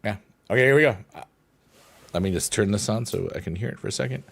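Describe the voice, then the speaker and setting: A man's voice: lowish voice, fast, creaky, fairly bright tone. A man chatting casually while playing a mobile game, rambling and goofy, now and then breaking into silly sing-song. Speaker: gaming streamer.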